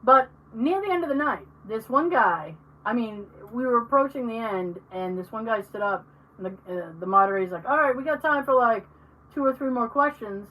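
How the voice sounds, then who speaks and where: Lively high-voiced woman telling stories. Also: moderate pace, recorded from a distance, low-quality recording. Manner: animated storyteller, acts out quoted people, swears. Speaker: podcast co-host. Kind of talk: casual chat.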